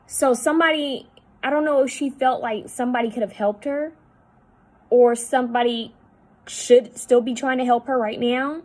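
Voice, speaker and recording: A woman psychic medium talking at home, relaying messages in a halting, repetitive way that often drops to a hushed voice. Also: high voice, steady tone, rough recording. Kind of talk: spirit-channeling video monologue.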